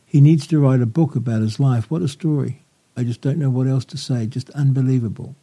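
Kiwi talk radio host: effusive man with a dark, husky voice. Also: mid-range voice, fairly even intonation, brisk. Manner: warm, effusive.

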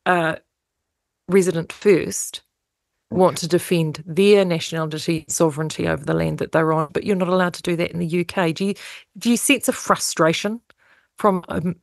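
A woman's voice: on the low side, fairly even intonation, normal speed, creaky, no room sound. A woman from New Zealand interviewing a guest, asking long, articulate questions.

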